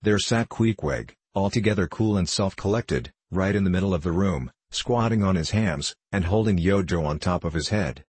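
A man reading a classic novel aloud in first person, measured and earnest, with a husky voice. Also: sits low, a little mellow, no room sound. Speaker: audiobook narrator. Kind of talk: first-person literary narration.

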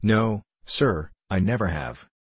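A man's voice: on the low side, expressive, takes it slowly, slightly rough, no room sound, exaggerated voice. A man voicing a polite, earnest young man seeking a whaling berth in an audiobook, answering respectfully.

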